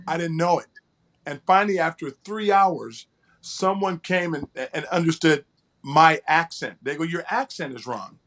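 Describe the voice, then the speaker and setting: A man's voice: a little high, measured pace, a bit bright. A man co-hosting an interview, telling a personal story in an earnest way and often repeating words as he starts a phrase. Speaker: co-host.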